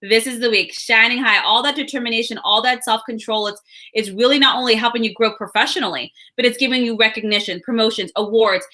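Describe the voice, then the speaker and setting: A woman's voice: fairly high pitch, fast, sharp tone. A woman giving a casual, upbeat weekly horoscope and card reading, chatting straight to her viewers. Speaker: astrology and card reader.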